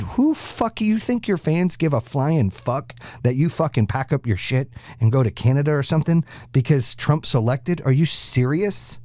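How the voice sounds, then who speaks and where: A man's voice: on the high side, expressive, moderate pace, hardly any pauses, a little mellow, no room sound. A man hosting a podcast, delivering a blunt, aggressive monologue full of swearing. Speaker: podcast host. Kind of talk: profane ranting monologue.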